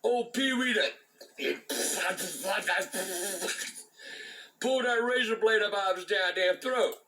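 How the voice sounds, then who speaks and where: An older man with a high, sharp voice spins a rambling, foul-mouthed tale. He restarts phrases again and again and curses in almost every sentence. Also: slow pace, low-quality recording. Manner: swears constantly, repeats and restarts words. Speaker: storyteller, channel host. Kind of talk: profane rambling storytelling.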